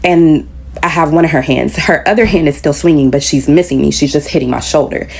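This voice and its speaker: A woman's voice: low voice, fairly quick, gravelly, darkish tone. A woman telling a story in a casual storytime style, retelling it with animation and acting out the quoted dialogue.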